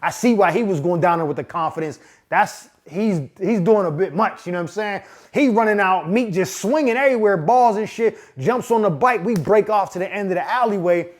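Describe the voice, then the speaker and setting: A man's voice: high voice, a little fast, hardly any pauses. A man in his forties from Pittsburgh, telling a comedic personal story in casual slang with frequent asides to the listener. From Pittsburgh, USA. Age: 40s. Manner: animated, slangy, acts out the people in his story; frequent asides of "you know what I'm saying". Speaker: podcast host.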